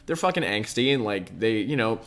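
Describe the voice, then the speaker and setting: Low-voiced young man, rambling casual chat. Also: expressive, brisk, a bit bright. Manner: rambling, says "like" constantly, swears casually. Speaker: podcast co-host.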